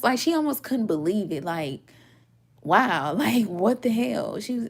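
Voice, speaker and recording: Animated, swearing young woman telling stories. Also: mid-range voice, moderate pace. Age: 20s. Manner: animated, swearing, laughing often, acts out quotes. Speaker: tarot reader. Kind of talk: casual storytelling chat.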